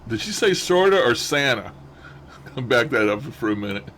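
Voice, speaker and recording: A man with a sing-song, mid-range voice hosts a session reviewing spirit-box recordings, speaking at a moderate pace over heavy background noise. He casually comments and muses during playback, chuckling to himself.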